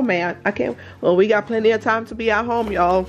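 A woman, gushing and gasping excitedly while unboxing gifts at home in a casual vlog. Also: medium pitch, normal speed, hardly any pauses, highs cut off, slight background noise. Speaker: vlogger.

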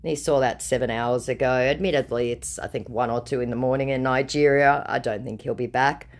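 A woman's voice: rumbling low, fairly even intonation, a little fast. A woman narrating a scam-baiting session, reading out her chat messages with dry sarcasm. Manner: sardonic, dry.

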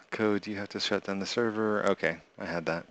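A man hosting a relaxed live stream, reading viewers' messages out loud and answering them with playful humor. His voice sits on the low side, and he talks slowly and unhurriedly. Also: a little hiss or hum. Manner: reads viewer chat aloud and answers playfully, often laughing. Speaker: live streamer and game creator. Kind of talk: casual live stream chat.

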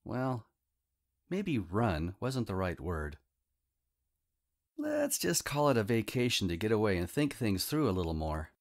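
A man's voice: fairly low pitch, wildly swooping pitch, measured pace, long pauses. A man narrating a comic fantasy audiobook in the first person, with a wry, humorous storytelling manner.

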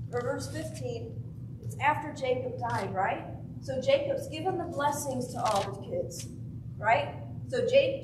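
A woman teaching a Bible study in an echoey church room, caught from some distance. Her voice sits on the higher side. She reads scripture aloud and drives her points home with questions to the group. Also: background noise.

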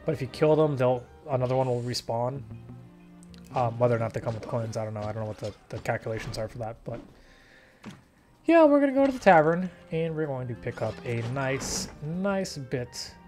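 A man's voice: mid-range voice, expressive, a little fast, a little mellow, faint music behind. A man hosting a let's play, giving casual, jokey gameplay commentary with mock-British asides.

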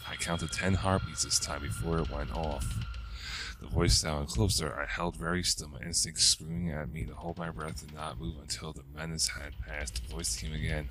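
A man narrating a ghost story in a measured, steady storytelling manner, with small restarts. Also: extremely low pitch, a little hiss or hum.

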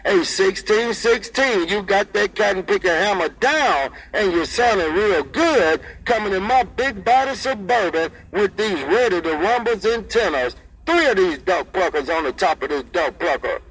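A man's voice: high-pitched, lively intonation, normal speed, hardly any pauses, fairly bright tone, husky, rough recording. A man chatting over CB radio in a sing-song, repetitive rhythm, repeating call signs and friendly sign-offs. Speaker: CB radio operator. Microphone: CB radio handset.

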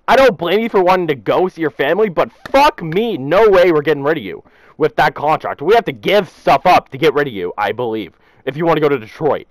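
A young man vents in a furious vlog rant, swearing nonstop, and his already high voice climbs higher whenever the anger peaks. It is recorded dry and close, with no room sound behind it. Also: dry recording, rough recording. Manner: furious, heavy swearing, rising to shouts. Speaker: hockey fan vlogger.

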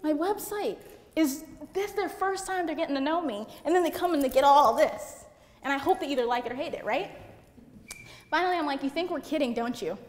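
A woman's voice: high-pitched, brisk. A young woman giving a casual seminar talk, chatty and giggly, peppered with "like". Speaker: seminar speaker. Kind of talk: casual presentation to an audience. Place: seminar room, on stage. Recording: reverberant hall with faint room noise.

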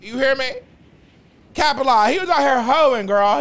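Sassy high-voiced man livestreaming. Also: normal speed. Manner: loud, sassy, campy banter; repeats phrases in bursts. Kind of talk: live stream chat to viewers.

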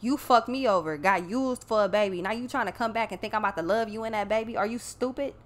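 A woman's voice: medium pitch, quick pace. A woman giving a casual tarot reading, talking bluntly and emphatically with plenty of swearing. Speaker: tarot reader.

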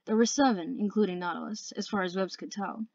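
An earnest woman reading a fantasy novel aloud at home, careful and steady, stumbling over a word now and then. Her voice sits at a middle pitch and sounds somewhat muffled and close, with a dry, echo-free sound. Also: fairly quick, vocal fry. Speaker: audiobook reader. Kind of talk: amateur audiobook narration.

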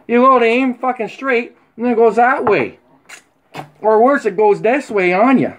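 A middle-aged man rambling crudely in a casual vlog, swearing constantly with rough humor. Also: very high-pitched, lively intonation, measured pace, fairly bright tone. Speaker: vlogger. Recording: faint background noise.

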